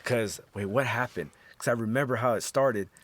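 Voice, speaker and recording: A man's voice: mid-range voice, moderate pace, a bit bright. A man co-hosting a casual podcast, retelling scenes with lots of swearing and acted-out quotes. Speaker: podcast co-host. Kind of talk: casual chat.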